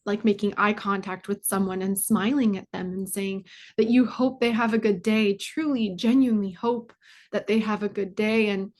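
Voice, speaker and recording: Young woman guest talking from the heart, lots of ums and restarts, mid pitch. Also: fairly even intonation, normal speed, a little mellow. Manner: heartfelt, many fillers and restarts. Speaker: guest, foundation communications manager. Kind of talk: casual interview answer.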